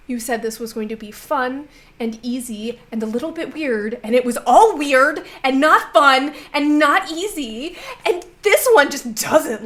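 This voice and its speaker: A woman's voice: on the high side, close to an everyday voice. A woman voicing a vain, muscular young man who whines and pleads petulantly.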